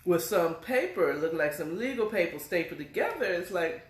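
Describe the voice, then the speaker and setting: A woman's voice: on the low side, lively intonation, moderate pace. Casting: woman storyteller, casual and rambling, roomy echo. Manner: chatty, with fillers and self-corrections. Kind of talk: casual retelling of a romance novel. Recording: echoey room.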